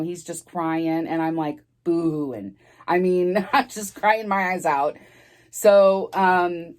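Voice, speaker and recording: A woman telling a personal story in a casual storytime vlog, rambling with many fillers and restarts and laughing as she talks. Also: deep voice.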